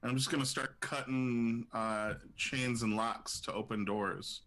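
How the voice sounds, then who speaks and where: Slow-talking male player. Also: mid-range voice, steady tone, a bit bright, faint music behind. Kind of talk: casual tabletop play.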